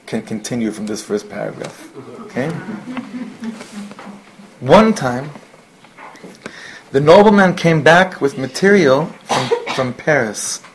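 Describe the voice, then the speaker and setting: A man's voice: mid-range voice, slight background noise, poor audio. A man teaching a class, telling a Hasidic story mixed with Yiddish and Hebrew words and asides to his students.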